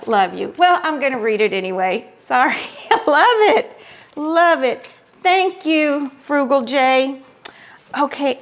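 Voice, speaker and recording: Woman craft vlogger, effusive and exclaiming, slow-paced and high-pitched. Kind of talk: casual chat, unboxing mail.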